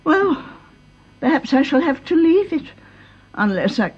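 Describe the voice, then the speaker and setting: A woman's voice: sits high, sing-song, measured pace, highs cut off. Lady Bourne, a genteel old grandmother. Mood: gushing. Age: older. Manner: refined upper-class, vague and gushing. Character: elderly aristocratic grandmother, genteel and fussy. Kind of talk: 1930s-set radio drama.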